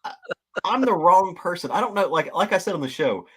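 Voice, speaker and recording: A man's voice: high-pitched, expressive, brisk, slightly rough. Nasal Southern American man. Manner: self-deprecating, rambling. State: stuffy, nasal from sinus trouble. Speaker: podcast co-host. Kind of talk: casual chat.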